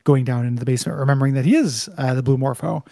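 A man co-hosting a podcast, recapping an episode in a relaxed, casual chat and laughing often. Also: medium pitch, racing, vocal fry, dry recording, studio quality. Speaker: podcast co-host.

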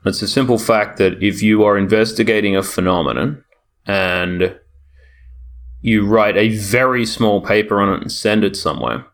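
Man, podcast chat, rambling, sardonic, swears a lot, lowish pitch. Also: normal speed, fairly bright tone. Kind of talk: casual chat.

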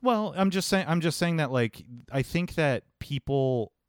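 A man in casual conversation, making measured, hedged arguments and telling stories. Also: on the high side, expressive, no echo, clean studio sound. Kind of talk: casual chat. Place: New York.

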